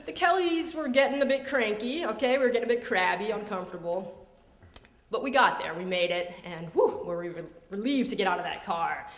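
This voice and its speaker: A woman in her thirties tells a personal story live, playful and amused at herself. She acts out the voices of the people in it. Her voice is of middling pitch and rings with a long echo in a large hall. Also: fairly quick. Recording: echoey hall.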